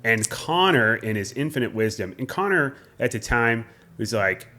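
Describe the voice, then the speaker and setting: A man in his forties co-hosting a podcast, telling stories in a casual, animated way and swearing freely. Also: mid-range voice, moderate pace. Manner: animated storyteller who swears freely and acts out quotes. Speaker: podcast co-host. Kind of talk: casual storytelling chat.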